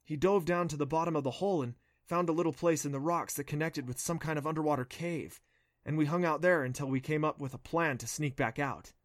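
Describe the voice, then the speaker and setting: A man's voice: fairly high pitch, fairly quick, no room sound, natural voice. A man voicing an earnest, stubborn young boy who insists on his story, in a dry audiobook reading. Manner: insistent, defiant.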